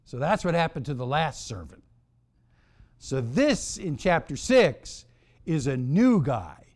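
Slow, emphatic male preacher. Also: on the high side, sing-song, darkish tone. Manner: deliberate, emphatic, dramatic storytelling. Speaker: pastor. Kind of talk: sermon.

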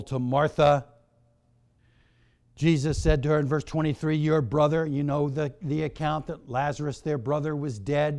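A man preaching a sermon, swinging between hushed lines and shouted emphasis. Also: mid-range voice, gravelly.

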